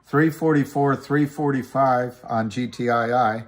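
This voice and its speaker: A middle-aged livestream host speaks a little slowly, his medium-pitched voice holding a steady tone. In this casual stocks chat he meanders, mocks himself, explains his trades, and responds to viewer comments.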